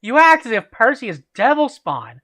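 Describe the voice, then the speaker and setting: A man's voice: very high voice, big pitch swings, normal speed, pushed and bright, voice pushed up, heavily acted. A man reading aloud the lines of an indignant teenage girl warrior from a fan story. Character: angry teenage girl warrior defending a friend.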